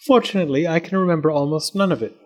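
A man's voice: on the high side, racing, darkish tone, voice pushed up, close to an everyday voice. A man voicing a prim, genteel old-fashioned female doll in a storybook reading, speaking formally and ceremoniously with a faint melancholy. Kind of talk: storybook read-aloud.

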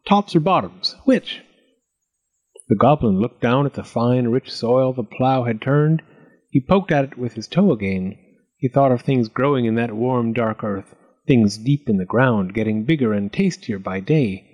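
A man reading a storybook aloud with an expressive, lilting delivery. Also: medium pitch, moderate pace.

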